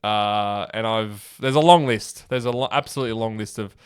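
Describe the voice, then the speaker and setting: Un jeune Australien qui co-anime un podcast. Il raconte ses souvenirs avec entrain et jure sans gêne. Sa voix est nette et posée, enregistrée au plus près, dans un son sec et sans écho. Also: male voice, lowish voice, clean tone, no echo, clean studio sound. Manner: animated storyteller, quick, swears casually. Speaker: podcast co-host. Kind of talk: casual chat.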